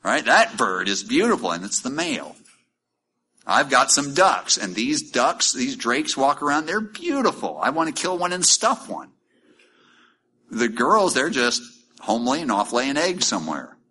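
A middle-aged pastor delivers a sermon in a bright, forceful voice. He talks with the room, tosses out rhetorical questions, and slips into small character voices for quoted lines. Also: mid-range voice, big pitch swings, a little slow, breathy edge. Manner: conversational preaching with rhetorical questions.

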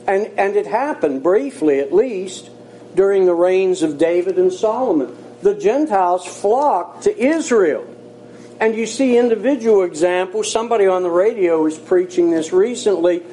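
A male pastor delivers a sermon in a fairly high, mellow voice. He is earnest and folksy, with plain asides. He slows down to drive key points home. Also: expressive, a little hiss or hum, low-quality recording.

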